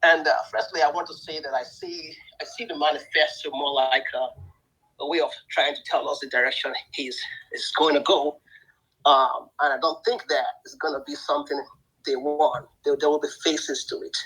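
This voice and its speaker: A man's voice: fairly high pitch, steady tone, normal speed, sharp tone, slightly rough, low-quality recording. A man calling in to a discussion, hesitant and thinking aloud with many fillers. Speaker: caller. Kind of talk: casual discussion.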